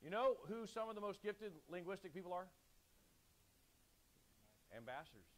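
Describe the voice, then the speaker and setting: A man preaching a sermon, urgent and exhorting, calling on the congregation to repeat lines back and clearing his throat now and then. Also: high-pitched, expressive, moderate pace, a bit bright. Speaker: pastor.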